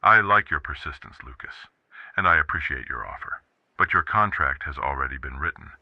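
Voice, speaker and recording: A male narrator voicing a calm, firm boss speaking over the phone in an audiobook, measured and polite. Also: dry recording, muffled recording, full character voice. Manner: measured, polite, deep-voiced. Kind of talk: audiobook character voice.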